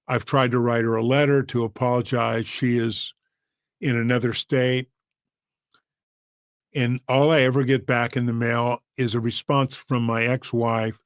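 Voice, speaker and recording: Earnest gravelly male pastor storyteller. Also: mid-range voice, no room sound. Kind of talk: storytelling sermon.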